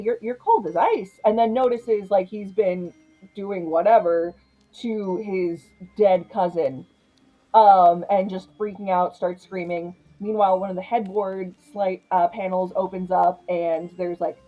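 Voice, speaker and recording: A young woman casually recapping a horror comedy, chatty and animated, laughing often. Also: mid-range voice, a little slow, narrow, tinny audio. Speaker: film reviewer.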